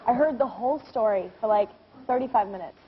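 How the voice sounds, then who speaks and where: A woman's voice: on the high side, fairly quick, slightly rough. A young woman in her twenties, a guest on a talk show, telling stories in a bubbly, laughing way. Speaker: actress guest. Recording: lo-fi TV broadcast with faint hiss.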